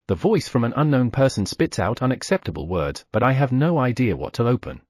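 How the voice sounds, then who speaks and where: A man narrating a fantasy audiobook in first person, giving the other characters small shifts of pitch. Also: big pitch swings, a little fast, hardly any pauses, darkish tone, no room sound, clean studio sound.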